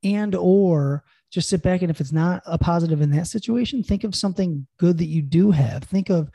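A man co-hosting a casual podcast, speaking with an earnest, encouraging tone. His voice is warm and dark, with a slight huskiness. The sound is close and dry. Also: high voice, normal speed, creaky, breathy edge, no room sound. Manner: earnest, encouraging, many fillers like "you know". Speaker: podcast co-host. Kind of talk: casual chat.

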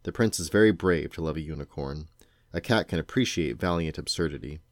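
Dad reading a lazy, cryptic cat, low drawl, dry close sound, storybook. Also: male voice, a little fast, no echo. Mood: drowsy cryptic. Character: drowsy aloof male talking cat, speaks in riddles. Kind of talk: storybook read-aloud.

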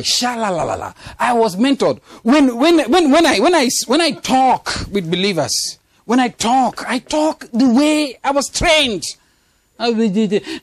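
Animated male preacher with a lively voice. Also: high voice, dry recording. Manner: animated preaching with laughter and call-and-response. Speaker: pastor. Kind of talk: sermon. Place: church congregation.

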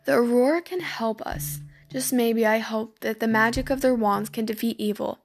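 A gentle, wise mother figure, as a woman reads her aloud in a storybook tale. She talks in an earnest, motherly way, explaining with care, in a fairly high voice. Faint guitar plays behind her. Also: moderate pace, close to an everyday voice.

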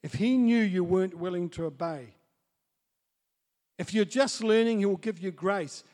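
A man preaching a sermon as pastor, dropping to soft asides and building up to loud, excited storytelling. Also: high voice, normal speed. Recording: long hall reverb.

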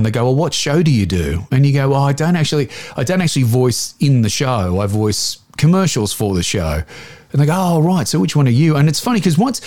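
Chatty Australian male voiceover artist. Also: medium pitch. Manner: chatty, animated storyteller with many restarts. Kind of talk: casual interview storytelling.

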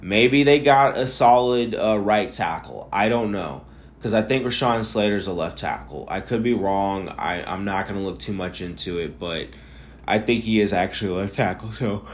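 A man's voice: on the low side, moderate pace. A young man hosting a casual solo sports podcast, tired and yawning, rambling with strong opinions and frequent restarts. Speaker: podcast host.

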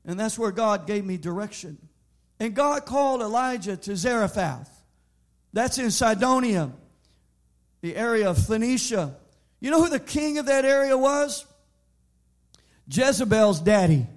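A pastor delivering a sermon, telling a story and building to loud, emphatic preaching. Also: male voice, high voice, lively intonation, unhurried, long pauses.

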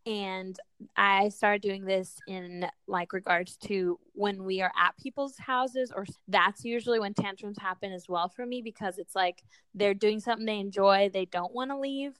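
A woman co-hosting a casual chat, telling animated parenting stories, acting out quotes and laughing often. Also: mid-range voice, moderate pace, smooth, dry recording.

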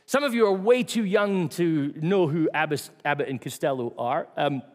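A man preaching a sermon in a church, telling stories with a varied delivery that drops to quiet asides. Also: a little high, normal speed, hardly any pauses, in a large hall.

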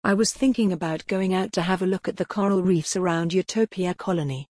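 A woman reading a gentle, caring seaside woman. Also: on the low side, fairly quick, no room sound, clean studio sound, natural voice.

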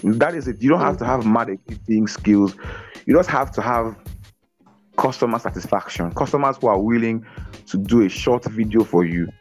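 A man speaking as a guest in a casual interview over a video call, energetic, often repeating words and laughing. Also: mid-range voice, moderate pace, soft background music. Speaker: guest on a business podcast.

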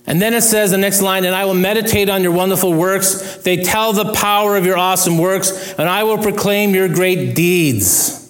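Middle-aged male pastor, slightly higher pitch; earnest conversational sermon with self-deprecating jokes. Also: moderate pace, few pauses.

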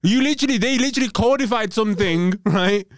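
A man's voice: sits high, fast talker, dry recording, studio quality. A young man co-hosting a comedy podcast, sharing odd facts and defending them when challenged. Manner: defensive, argumentative, keeps cutting in. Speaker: podcast co-host. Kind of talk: casual comedic banter.

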